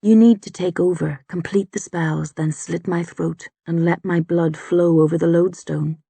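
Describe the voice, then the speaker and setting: A woman voicing a wounded older male druid, gruff and stubborn, speaking low and strained in an audiobook. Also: steady tone, normal speed, dark tone, dry recording.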